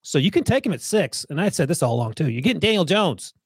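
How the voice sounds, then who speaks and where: Lively, opinionated man analyst. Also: fairly high pitch, fast, breathy edge, no echo, studio quality. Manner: confident, opinionated. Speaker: draft analyst. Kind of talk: casual sports talk.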